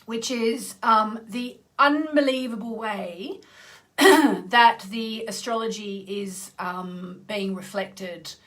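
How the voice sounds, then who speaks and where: A woman's voice: on the high side, slow, a bit bright. Chatty woman astrologer on livestream. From Australia (Tasmania). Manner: chatty, greets viewers by name, clears throat often. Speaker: astrologer hosting a live stream. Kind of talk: casual live-stream chat.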